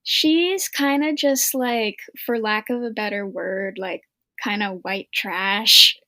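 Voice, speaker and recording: A young woman co-hosting a podcast, chatting casually in a slow, measured way. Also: mid-range voice, pushed and bright, dry recording. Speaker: podcast co-host. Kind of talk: casual review chat.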